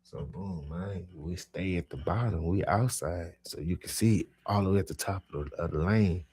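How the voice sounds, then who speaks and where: A young man telling a profane street story in casual talk, swinging between low mutters and loud animated bursts. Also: moderate pace, slightly rough. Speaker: podcast storyteller.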